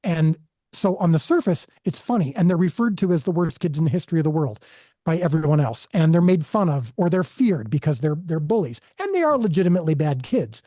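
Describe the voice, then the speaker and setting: A man's voice: fairly high pitch, big pitch swings, fairly quick, dark tone, no echo, studio quality. A man guest on a podcast interview, telling a personal story earnestly and with animation, often restarting his sentences. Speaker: filmmaker guest.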